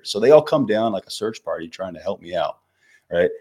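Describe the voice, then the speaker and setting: Very deep-voiced young man, laid-back. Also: fast, slightly rough. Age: 20s. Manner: laid-back, swears freely, says dude and bro. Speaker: guest. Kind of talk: casual storytelling.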